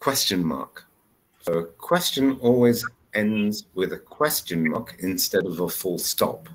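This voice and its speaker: A man with a low voice and lively intonation tutors English one-on-one over a video call. He explains things patiently, step by step, at a measured pace.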